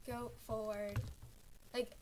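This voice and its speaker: A woman's voice: on the high side, little pitch movement, slow, background noise. A woman hosting a casual gaming video, coaching a friend with teasing, giggly remarks. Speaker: gaming channel host.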